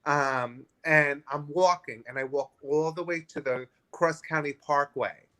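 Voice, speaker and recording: An animated man in his thirties tells a personal story as a guest in a restaurant and acts out the people in it. His voice sits a little high. It has a bright edge. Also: unhurried. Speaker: guest author. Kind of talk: candid storytelling.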